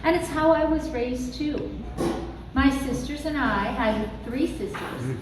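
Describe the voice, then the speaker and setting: A middle-aged woman delivers a campaign rally speech in a slow, unhurried way, leaning on key words with folksy asides. Her voice sits a little high for a woman. The recording is heavily echoey and distant, with clear room noise behind her. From southwestern Minnesota. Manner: measured, emphatic, folksy asides with light laughs. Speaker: political campaign speaker. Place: restaurant event room.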